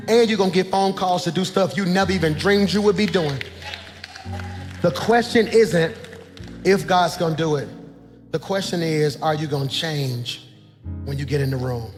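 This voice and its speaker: Man, 40s, pastor preaching, soft to shouting, echoing church hall. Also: fairly high pitch. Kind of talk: sermon. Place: church sanctuary. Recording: long hall reverb, faint music.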